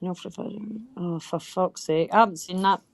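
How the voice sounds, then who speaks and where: A woman's voice: lowish voice, fairly even intonation, normal speed, dry recording. A woman hosting a livestream in casual chat, teasing people with lots of swearing and laughter. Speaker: livestream host.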